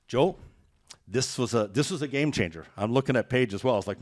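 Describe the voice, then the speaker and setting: A man telling stories as a guest in a podcast interview, energetic and rambling. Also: mid-range voice, brisk. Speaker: guest realtor.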